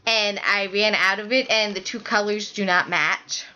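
A woman's voice: mid-range voice, steady tone, normal speed, sharp tone, dull audio. A woman hosting a knitting podcast, chatting casually and rambling as she shows her work to the camera, often correcting herself mid-sentence.

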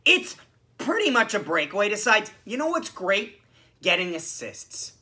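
A male podcast host rants alone about a bad sports loss, frustrated, sarcastic, animated and swearing heavily. His high voice has a very bright, piercing edge and sounds a touch hoarse from screaming, and he talks at a moderate pace.

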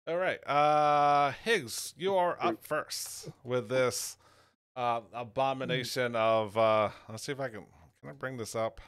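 A man acting as game master in a tabletop game, talking in halting bursts with many fillers. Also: mid-range voice, fairly bright tone, clean tone, no echo, studio quality. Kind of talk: running a tabletop game over voice chat.

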